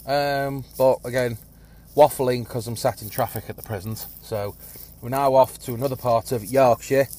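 A man's voice: mid-range voice, steady tone, normal speed, mellow. A man hosting a one-take podcast from his car, rambling and grumbling with casual swearing and a phlegmy cough. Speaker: podcast host. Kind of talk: rambling one-take chat while driving. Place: inside a car in traffic. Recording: car and road noise behind.

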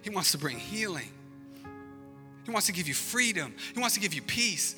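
A male pastor preaches with fervor, his high, very bright voice swelling and then dropping low. The sound carries a long hall reverb, with soft music under it. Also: sing-song, normal speed. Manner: impassioned preaching, rising and falling intensity. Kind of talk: sermon.

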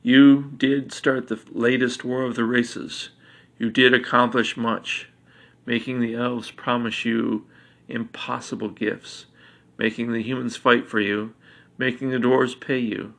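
A cold, arrogant boy god who calmly lays bare the secrets of others, read by a man in a storybook. The voice is flat and gravelly with a bright edge, and it stays level and measured. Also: mid-range voice. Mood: menacing.

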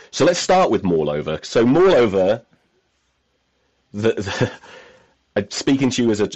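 A man's voice: on the low side, a little mellow, lo-fi sound. A man hosting a podcast, telling rambling, self-mocking stories in casual chat and swearing freely. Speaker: podcast host.

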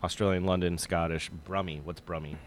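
A man's voice: low voice, brisk, a crowd in the background. A man co-hosting a casual podcast chat, reading out a list in an offhand way. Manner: reads out a list in a flat, offhand way. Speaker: podcast co-host.

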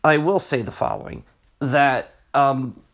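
A man's voice: mid-range voice, measured pace. A middle-aged man, a teacher hosting his own podcast, talking in a rambling, chatty way full of restarts. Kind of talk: casual solo podcast monologue.

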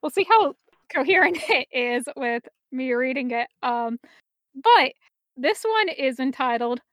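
A woman's voice: high voice, lively intonation, a little slow, no echo, studio quality. A young woman reading fan fiction aloud to friends in a giggly, easygoing way. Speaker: fan audiobook reader.

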